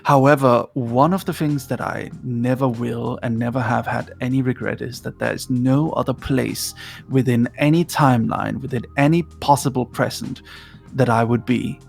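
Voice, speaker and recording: A woman's voice: very deep voice, fairly even intonation, normal speed, vocal fry, a little mellow, soft background music. A woman streaming and reading aloud in a playful, mock-grandiose way, often giggling.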